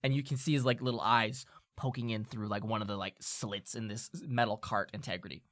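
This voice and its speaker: Low-voiced woman game master, rambling. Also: steady tone, fairly quick. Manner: rambling with many fillers. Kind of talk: narrating a tabletop game.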